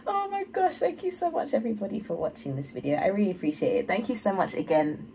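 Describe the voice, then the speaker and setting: A woman's voice: medium pitch, huge pitch swings, fast, vocal fry, mellow, far from the mic, poor audio. A young woman, gushing effusively in a casual reaction vlog. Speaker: YouTuber.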